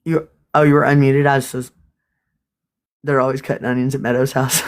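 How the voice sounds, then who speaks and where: Livestream host, casual chat, gravelly fry, middle pitch, swears freely, emotional. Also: fairly even intonation, brisk.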